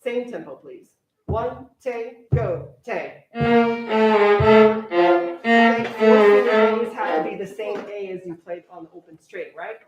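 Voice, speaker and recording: A young woman orchestra teacher directing a string rehearsal, briskly counting off and coaching her players. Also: medium pitch, distant mic, muffled recording, music in the background. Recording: echoey room, voice from afar, strings playing.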